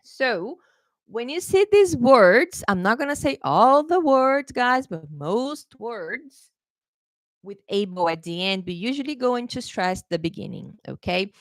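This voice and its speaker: A woman's voice: a little high, expressive, unhurried, no echo, clean studio sound. Chatty woman teaching pronunciation live. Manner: chatty, repeats "okay?" often, self-correcting. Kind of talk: live online lesson.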